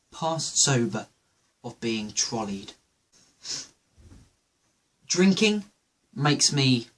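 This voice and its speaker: A man's voice: mid-range voice, a bit bright. A man hosting a show, telling a rambling, jokey comedic monologue. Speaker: host.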